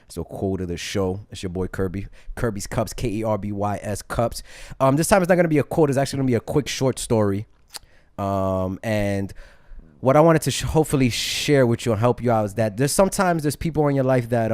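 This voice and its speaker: A man's voice: on the low side, a little mellow, no echo, studio quality. A young man co-hosting a podcast in casual, profane chat. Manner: laid-back, profane, slangy. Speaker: podcast co-host.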